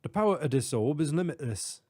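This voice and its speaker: A man's voice: fairly high pitch, lively intonation, brisk, warm tone, pitched above the performer's own voice. A man voicing a frail, fussy middle-aged male professor with a British accent, polite and reassuring. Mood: explaining.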